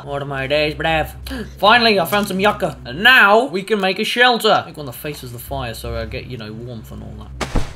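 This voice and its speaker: A young man giving excitable, swear-filled let's play commentary as a YouTuber. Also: on the high side, normal speed. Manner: excitable, swears a lot, bursts into yelps. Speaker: gaming YouTuber.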